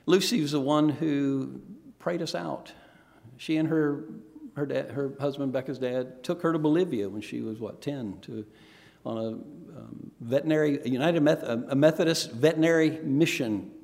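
Speaking at normal speed with a medium-pitched, creaky voice, a middle-aged man preaches a sermon in a hall full of reverb. A former pastor who now speaks on missions, he tells animated stories and performs quoted voices as he goes.

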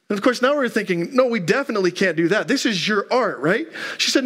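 A pastor in his thirties preaches to his congregation in a high, light voice. He talks in an easy, conversational way and tells stories from the pulpit. He often checks in with the room through quick rhetorical questions. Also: expressive, a bit bright. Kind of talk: sermon. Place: church sanctuary.

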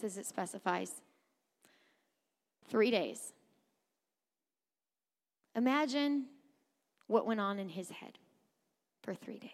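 Woman preacher, slightly high voice, hushed-to-emphatic sermon delivery, long hall reverb. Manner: shifts from soft near-whispers to raised, emphatic appeals.

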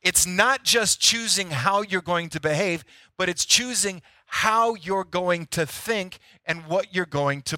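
A man's voice: a little high, bright, forceful tone, dry recording. A man preaching a sermon as pastor, talking to the congregation in a conversational, self-deprecating storytelling way.

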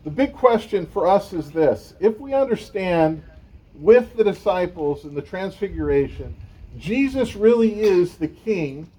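A man's voice: sits high, mellow, poor audio. A man preaching a sermon in a conversational way, with casual asides to the congregation. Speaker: pastor.

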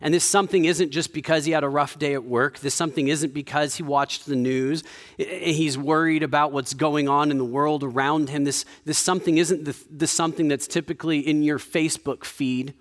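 A man preaching a sermon in a conversational way, with frequent restarts, dropping to a quiet low voice for emphasis. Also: fairly even intonation, a little fast. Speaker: pastor.

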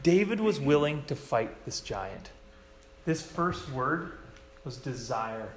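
A man preaching a sermon in a church, telling stories with lively voices for the quoted lines. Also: slow pace, a little hiss or hum. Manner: animated storytelling, acts out quoted lines in a higher voice. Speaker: pastor.

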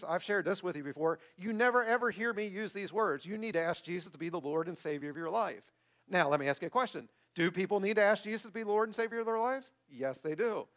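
A man's voice: sits high, a bit bright. A man preaching a sermon as pastor, emphatic and repeating key words to rouse the room. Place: church.

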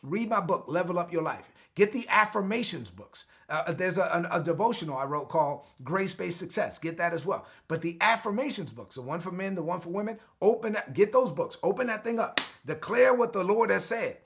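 A man's voice: high-pitched, animated, a little fast, few pauses, fairly bright tone. A man preaching an online devotional sermon, exhorting his listeners and calling on them to answer back. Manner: exhorting, calls for responses. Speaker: pastor.

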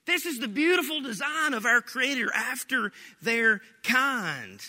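A pastor preaching an animated, joking sermon, often laughing as he talks. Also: very high voice, measured pace, in a large hall.

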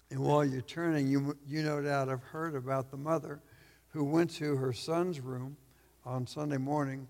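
A man from Texas preaching a sermon as a guest pastor, losing his voice, clearing his throat and pausing on fillers. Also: medium pitch, darkish tone, big-room sound.

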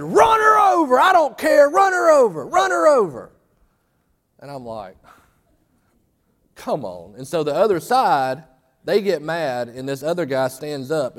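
A man's voice: mid-range voice, darkish tone. Man preaching in a reverberant hall. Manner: folksy storytelling, voice rising to fervent emphasis. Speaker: pastor. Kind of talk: sermon.

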